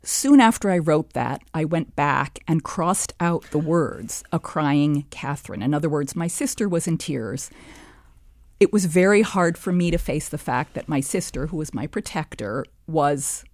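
A woman in her sixties, an author and historian, telling her story in a measured, reflective way during an interview. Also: sits low, animated, darkish tone, no room sound, studio quality. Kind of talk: interview conversation, reading from her childhood diary.

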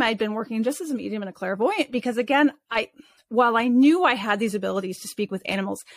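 A woman with a slightly high voice, who works as an animal communicator, tells personal stories in a casual, expressive interview style, often restarting her sentences.

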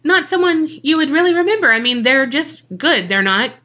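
A woman spins a true-crime tale for her podcast, her voice bright and sharp and sitting a little high. She swears freely, jokes along the way and slips into the voices of the people in her story. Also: sing-song, moderate pace. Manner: profane, jokey, acts out quoted people. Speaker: podcast co-host telling a case.

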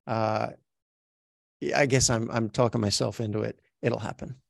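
A gravelly-voiced man with an Australian accent talks over a dry, close microphone. He speaks as an interview guest, chatty and self-reflective, and often restarts his sentences. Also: mid-range voice, steady tone, normal speed, no room sound. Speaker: guest, actor. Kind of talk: podcast interview.

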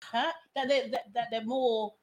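A woman's voice: on the high side, fairly even intonation, unhurried. A woman in a casual group discussion, thinking aloud and often checking if others follow her. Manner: thinks aloud with restarts and "do you know what I mean".

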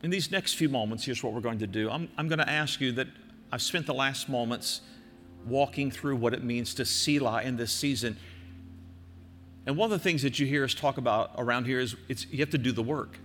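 Older male pastor, earnest exhorting sermon delivery, mid pitch, big reverberant church hall sound. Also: slight background noise. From American Midwest. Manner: earnest, exhorting, slows and softens for emphasis.

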